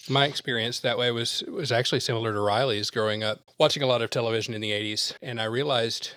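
A man's voice: mid-range voice, fairly even intonation, fast, sharp tone, no echo. A man from Alabama, a teacher, co-hosting a podcast and telling easygoing stories in casual chat.

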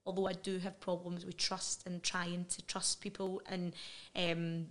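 A woman's voice: fairly low pitch, level tone, a bit bright. Frank Scottish woman recounting her story. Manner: earnest, frank, quick asides and laughs. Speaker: podcast guest. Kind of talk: candid personal interview.

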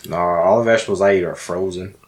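Laid-back low-voiced man. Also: fast talker. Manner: laid-back, short agreeing replies. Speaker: podcast co-host. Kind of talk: casual chat.

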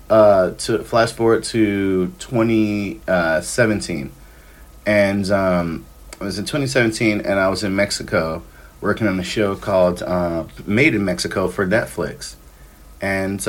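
A man in his thirties, a podcast guest, telling travel stories in casual chat with lots of ums and likes. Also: deep voice. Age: 30s. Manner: rambling, filler-heavy, acts out dialogue.

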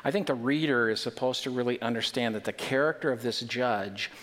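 A male pastor giving a conversational sermon, animated and full of rhetorical questions to the congregation. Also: medium pitch, fairly quick. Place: church. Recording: reverberant hall.

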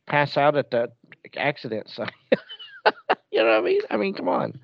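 A man's voice: mid-range voice, moderate pace, vocal fry, lo-fi sound. Joking bus driver man in casual chat. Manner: joking, animated storytelling.

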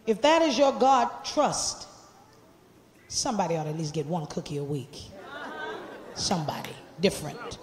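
A man preaching a sermon, shouting and joking with the congregation, then dropping low and quiet, in a church sanctuary. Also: echoey room. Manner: joking, laughing asides in casual church slang.

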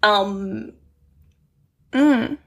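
A woman's voice: medium pitch, drawn-out words, a bit bright. A woman, a giggly, self-deprecating podcast guest in casual chat.

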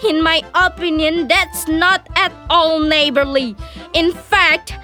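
A woman playing a proud, quarrelsome young lady who insists and shouts back in an argument. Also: very high-pitched, fairly even intonation, slow pace, soft background music, heavily acted. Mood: indignant. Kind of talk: amateur stage play reading.

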